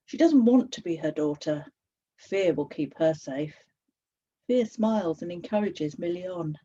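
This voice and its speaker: A woman reads her own picture book aloud, measured and steady. Her voice is low and mellow. The recording sounds slightly dull and lo-fi. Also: a little hiss or hum. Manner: slow, measured reading. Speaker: author.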